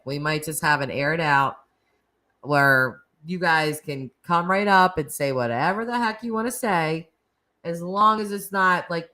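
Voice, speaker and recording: Here the American host's voice sits low and sounds pushed and bright. She chats casually and laughs along with viewer comments during her live stream.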